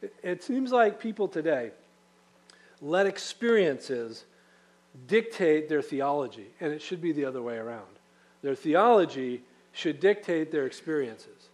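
A man preaching a sermon in an easy, conversational way, his voice sitting a touch high. He talks through his points with fillers and restarts, now and then acting out a quoted line. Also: expressive, unhurried, darkish tone. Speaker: pastor.

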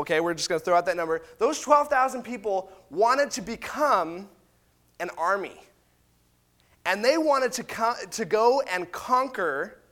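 A man giving a casual, chatty Bible talk, retelling the story and acting out the people's voices. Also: high-pitched. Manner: animated, chatty, acts out voices.

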